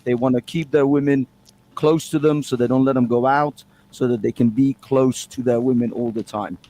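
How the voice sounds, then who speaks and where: A man's voice: mid-range voice, fairly even intonation, normal speed, mellow. A man appearing as a guest on a live show, mock-earnest and provocative in his trolling banter.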